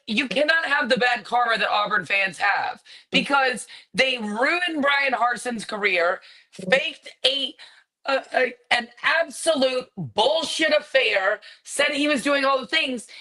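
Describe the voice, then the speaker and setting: A woman's voice: sits high, takes it slowly, pushed and bright, poor audio. A woman co-hosting a sports talk show, ranting with sarcasm and emphasis in casual chat. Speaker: podcast co-host.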